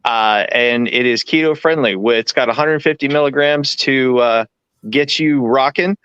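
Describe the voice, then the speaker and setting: A man's voice: mid-range voice, normal speed, a bit bright, clean tone, no room sound. A man co-hosting a podcast, joking through an off-the-cuff sponsor read on a dull lo-fi mic. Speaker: podcast co-host.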